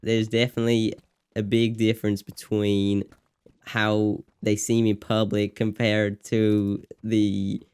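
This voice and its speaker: A man's voice: lowish voice, flat delivery, takes it slowly, a little mellow, clean tone, no room sound. A young man from England co-hosting a casual podcast, joking and teasing, laughing often. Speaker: podcast co-host. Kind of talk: casual chat.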